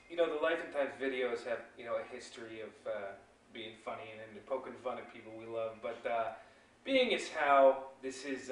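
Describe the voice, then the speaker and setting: A young man hosting a video in a relaxed, hesitant way, full of "uh" and "you know.". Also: mid-range voice. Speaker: video host. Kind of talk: casual hosting. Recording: echoey room, distant mic.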